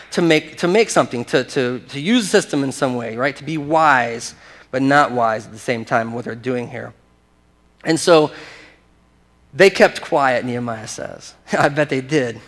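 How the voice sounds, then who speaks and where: A man with a fairly high voice preaches with animated emphasis. He often restarts his phrases, chuckles between points, and walks his listeners through a scripture passage. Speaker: pastor. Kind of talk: sermon.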